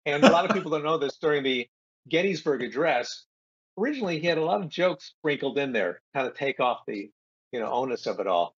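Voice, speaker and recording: A man comedian guest in an interview, joking in a dry, deadpan way. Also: on the high side, a little fast, slightly rough. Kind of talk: deadpan comic banter. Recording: slightly muffled audio.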